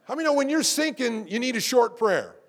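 A middle-aged man preaching a sermon to his congregation, lively and conversational, asking rhetorical questions and often repeating words. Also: very high voice, fairly quick. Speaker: pastor.

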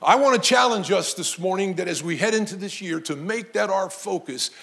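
Male pastor with a high voice, preaching with emphatic build-ups. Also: animated, fairly quick, creaky. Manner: storytelling preacher, emphatic, rising to shouts. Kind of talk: sermon.

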